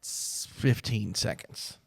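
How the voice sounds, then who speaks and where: A middle-aged man co-hosting a podcast, telling a story in casual chat with dry, teasing humor. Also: slow pace. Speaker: podcast co-host. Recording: long reverb.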